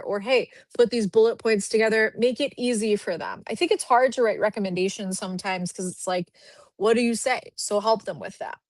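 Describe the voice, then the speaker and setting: In a dry recording, a woman with a mid-range voice hosts a live stream as a recruiter in her home office, her dog nearby. She chats casually and brightly, thinking out loud as she clicks through the profiles she's reviewing.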